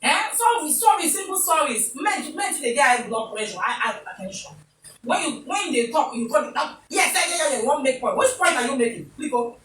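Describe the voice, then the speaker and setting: Animated Nigerian woman presenter, echoey room. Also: high-pitched, brisk. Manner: comical, mixes pidgin, acts out scenes. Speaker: talk show presenter. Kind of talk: animated comic commentary. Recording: echoey room, distant mic, faint noise.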